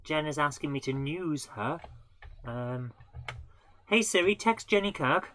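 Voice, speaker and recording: A woman's voice: deep voice, animated, unhurried, a bit bright, a little hiss or hum. A woman hosting a live gaming stream, chatting casually and laughing at her own mistakes as she plays. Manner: chatty, self-mocking, laughs often. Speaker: live-streaming game host. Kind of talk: casual live gameplay commentary.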